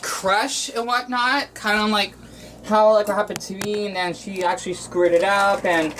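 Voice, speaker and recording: A man from Arizona talking in a casual cooking vlog, rambling and emotional, with frequent restarts and halting phrases. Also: high voice, level tone, fairly bright tone, a little hiss or hum, poor audio. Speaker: vlogger.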